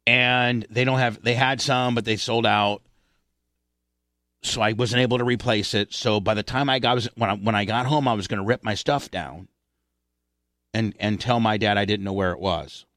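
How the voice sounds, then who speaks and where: A man's voice: on the low side, fairly even intonation, moderate pace, fairly bright tone, dry recording, clean studio sound. A man hosting a talk show, telling a rambling, profane childhood story full of restarts. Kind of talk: casual storytelling.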